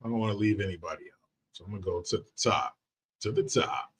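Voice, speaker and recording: A man's voice: sits low, expressive, fast talker, slightly rough. A man hosting a casual political commentary stream, brash and sarcastic, swearing freely as he reads viewer comments.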